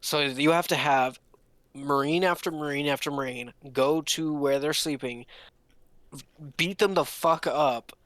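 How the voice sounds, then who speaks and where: A young man telling a long story casually, rambling with restarts and pitching up to mimic others. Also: unhurried, a bit bright, no echo. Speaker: podcast co-host. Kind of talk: casual storytelling among friends.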